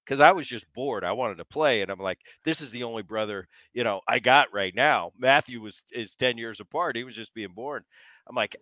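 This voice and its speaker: A man's voice: medium pitch, animated, normal speed, pushed and bright, dry recording. A middle-aged man hosting a podcast, animatedly telling a childhood story and acting out what was said. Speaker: podcast host. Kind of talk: casual storytelling chat.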